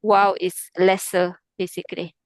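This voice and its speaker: Patient woman teaching grammar, smooth voice. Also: fairly low pitch, little pitch movement, unhurried, dry recording. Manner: patient, checks in often with "okay?" and "right?". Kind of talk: online grammar lesson.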